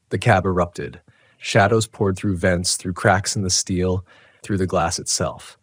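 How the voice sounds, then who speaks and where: A man telling a first-person horror story in a tense, dramatic, measured way. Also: low voice, steady tone, no room sound, studio quality. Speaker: narrator.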